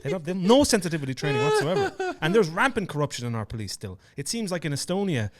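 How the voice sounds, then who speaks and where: A man's voice: sits high, wildly swooping pitch, fast talker, hardly any pauses. A young Irish man co-hosting a podcast, chatting loosely and swearing freely. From Ireland. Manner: loose, profane storytelling. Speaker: podcast co-host. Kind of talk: casual chat.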